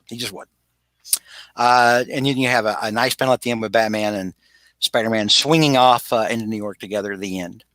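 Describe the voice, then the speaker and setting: A man's voice: on the low side, steady tone, a little fast, a bit bright, no room sound. A man co-hosting a casual podcast chat, recapping a story animatedly with acted-out quotes and frequent restarts. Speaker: podcast co-host.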